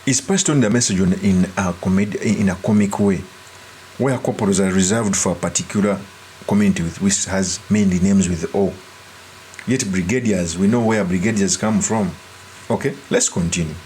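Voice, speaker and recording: A man giving earnest, deliberate political commentary and breaking off to restart his sentences. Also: sits low, a little mellow, a little hiss or hum.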